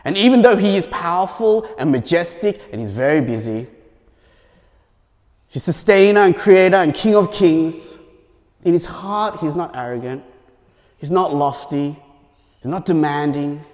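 Male pastor, chatty sermon, higher voice, hall echo. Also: expressive, unhurried, long pauses, a little mellow. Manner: conversational, frequent "right?" tags.

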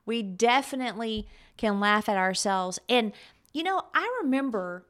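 Speaking at a moderate pace in a slightly high voice, a middle-aged woman co-hosts a casual talk show podcast. Her storytelling is lively, and she laughs frequently.

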